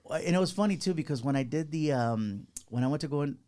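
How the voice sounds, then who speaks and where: Middle-aged comedian telling a story. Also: male voice, fairly high pitch, fast. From Mexican-American. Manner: animated storyteller, acts out quotes. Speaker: guest comedian. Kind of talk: casual interview storytelling.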